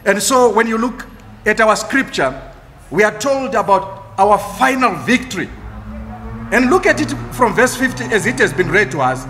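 A man preaching a sermon as pastor, emphatic, repeating key phrases with dramatic pauses. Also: high voice, big pitch swings, fairly bright tone, a little hiss or hum. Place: church. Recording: echoey church hall.

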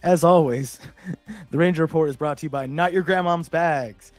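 A man co-hosting a live-streamed talk show, improvising a mock report with many pauses and fillers. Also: fairly high pitch, no echo, soft background music. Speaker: podcast co-host. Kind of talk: casual chat, mock weather report.

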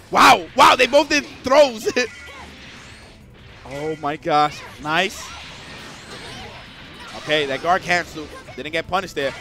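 A man doing live commentary on a fighting game match, excitable and swearing freely, breaking into shouts. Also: sits high, slow pace, gravelly, pauses often, faint music behind.

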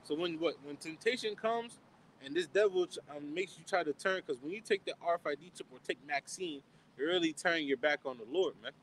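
Man, high-ish voice, street preacher in a casual Bible study, "man" and "okay?" after every line, faint traffic behind. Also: fairly quick, fairly bright tone, rough recording. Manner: asks questions and answers them himself. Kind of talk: informal outdoor Bible teaching.

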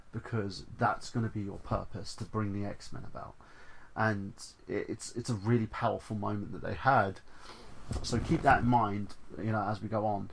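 A man with a low, gravelly voice talks through a film review in a loose, casual way. He rambles with lots of fillers and restarts, and his enthusiasm keeps spilling over. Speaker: movie reviewer.

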